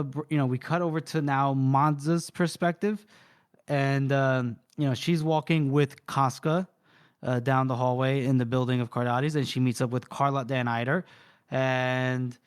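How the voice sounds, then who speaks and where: A man co-hosting a casual book podcast, retelling scenes and acting out characters' lines in quick quoted voices. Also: medium pitch, clean tone. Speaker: podcast co-host.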